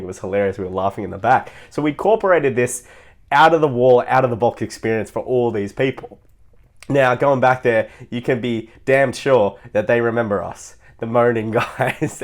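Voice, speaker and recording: A man who coaches people on their social life, telling stories in a casual, animated way, laughing and swearing as he goes. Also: medium pitch. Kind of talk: casual storytelling monologue.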